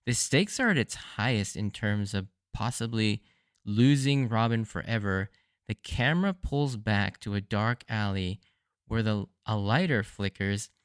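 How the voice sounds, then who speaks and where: A man's voice: fairly low pitch, unhurried, smooth, dry recording, studio quality. Enthusiastic man hosting a fan podcast. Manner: enthusiastic, animated fan recap with laughs. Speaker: podcast host. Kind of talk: casual solo anime rewatch commentary.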